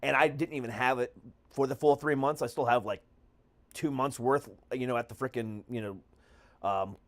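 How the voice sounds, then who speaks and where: A man's voice: medium pitch, steady tone, normal speed. Candid, crude male podcast host. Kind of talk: casual podcast chat.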